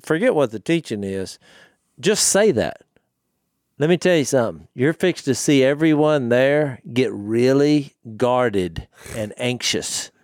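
A man's voice: mid-range voice, expressive, measured pace, a little mellow, no echo. A man co-hosting a casual Bible talk. He tells stories with animation and acts out the people he quotes. His voice sits in the middle range and is recorded dry and close. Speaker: podcast co-host.

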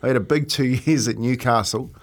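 A man's voice: medium pitch, brisk. An Australian man, a former footballer, telling a story on a casual chat show and laughing as he goes. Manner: laughs through his stories, animated. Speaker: podcast co-host, former footballer.

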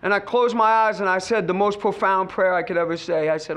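A man giving personal testimony at a recovery meeting. He tells his story with lively acted-out dialogue and drops to a hush at times. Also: high-pitched, brisk, hardly any pauses, clear, resonant tone. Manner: storytelling, acts out quoted voices, swings between loud and hushed.

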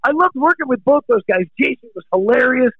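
A middle-aged American rock drummer being interviewed, excitable, laughing often and calling people dude. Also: male voice, very high-pitched, fairly quick, breathy edge, dry recording, phone-quality sound. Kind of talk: casual interview chat.

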